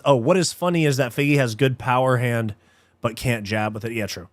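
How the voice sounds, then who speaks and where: "Dude" and "bro" pepper the casual swearing of a young host doing excitable live commentary on a fight, getting frustrated easily. His mid-range voice moves at a brisk clip, with no echo.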